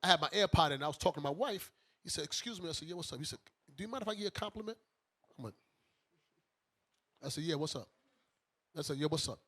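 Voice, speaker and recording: A middle-aged man from Brooklyn, a bishop telling a story to his congregation in a casual, animated way and acting out each person's lines himself. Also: a little high, fast talker, pauses often. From Brooklyn, United States. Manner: animated, acts out the other voices in his stories.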